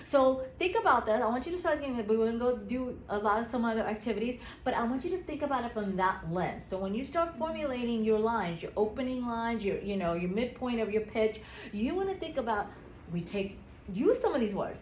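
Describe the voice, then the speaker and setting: Female speaking coach, upbeat, higher voice, keeps asking "right?", echoey room with faint noise. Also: a little fast. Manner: energetic, keeps checking in with "right?". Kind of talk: live workshop teaching. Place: workshop room.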